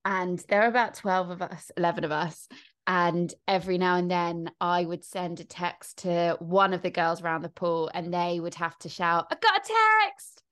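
A woman co-hosting a podcast in casual, bubbly chat, laughing often and talking in quick bursts. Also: fairly low pitch, flat delivery, smooth. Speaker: podcast co-host.

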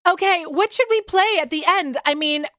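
A woman's voice: very high voice, moderate pace, fairly bright tone, no room sound, clean studio sound. A woman in her thirties hosting a podcast, chatting casually with playful, self-mocking humor. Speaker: podcast host. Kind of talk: casual chat.

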